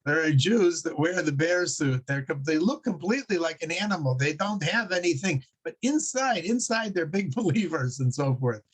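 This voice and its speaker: A man teaching a Torah class, telling stories in a halting way with many restarts and frequent chuckles. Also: fairly high pitch, expressive, husky. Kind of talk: religious class with storytelling.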